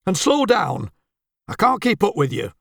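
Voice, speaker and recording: A man's voice: high voice, very animated, unhurried, vocal fry, a bit bright, no echo, studio quality, voice pushed up, exaggerated voice. A man playing a grumbling, sweary husband. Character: grumbling stingy middle-aged Englishman, bald husband.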